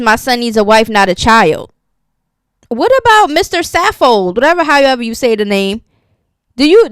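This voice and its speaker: A commentary channel host with a voice on the high side and a clean tone offers sassy, casual gossip commentary, reading posts aloud and reacting to them. The recording is dry, with clean studio sound.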